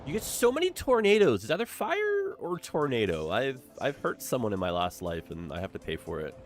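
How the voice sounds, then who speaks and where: A man's voice: fairly low pitch, huge pitch swings, normal speed. Chatty man streaming a city builder. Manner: chatty, easily distracted, dramatic exclamations. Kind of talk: casual gameplay commentary.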